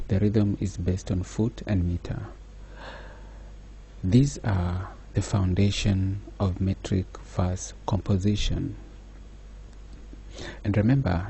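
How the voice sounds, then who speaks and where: Slow, deep-voiced man lecturing. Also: vocal fry, mellow, slight background noise. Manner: slow, measured explaining with fillers. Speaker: teacher. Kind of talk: recorded lecture.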